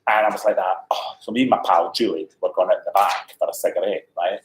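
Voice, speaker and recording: A man telling an anecdote in an interview, animated, laughing often and acting out the voices of the people in his story. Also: deep voice, quick pace. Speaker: interview guest. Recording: echoey room, faint noise.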